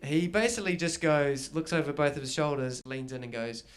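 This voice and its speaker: Man, new zealand accent, stand-up comic, slightly high voice, anecdotal delivery, live garage gig. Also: a little fast, background noise. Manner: storytelling, acting out both sides of dialogues. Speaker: stand-up comedian. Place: small garage gig before a live audience.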